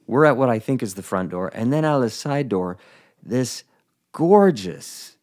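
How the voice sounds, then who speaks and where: A man who is a comedian guest, telling a story in an animated, comic way. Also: medium pitch, measured pace. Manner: lively storyteller, acts out voices with laughs.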